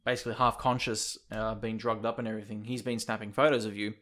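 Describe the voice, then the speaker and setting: A man co-hosting a casual gaming podcast, animated and swearing freely as he acts out quotes. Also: fairly low pitch, fast. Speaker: podcast co-host.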